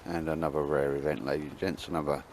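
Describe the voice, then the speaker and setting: A man's voice: rumbling low, level tone, fast, a little mellow, slight background noise. A man chatting casually to the camera while cooking outdoors, rambling and bantering with lots of tag questions. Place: outdoors in woodland.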